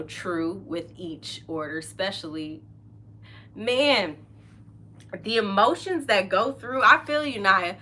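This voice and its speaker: A woman's voice: mid-range voice, sharp tone. A middle-aged woman hosting a podcast, chatting casually and openly, often laughing and trailing off mid-sentence. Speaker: podcast host. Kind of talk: casual chat.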